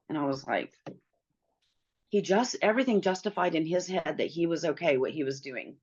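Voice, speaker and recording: Middle-aged woman, really low voice, earnest, acts out what people said, dull lo-fi audio. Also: animated, fairly quick, a little mellow, slightly rough. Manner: earnest, acts out quoted dialogue. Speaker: interview guest. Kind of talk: personal storytelling in an interview.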